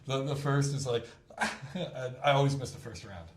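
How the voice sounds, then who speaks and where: A man in his thirties telling a hunting story in casual chat, acting out the quotes with quick laughs. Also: mid-range voice. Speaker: podcast host. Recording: roomy with faint background noise.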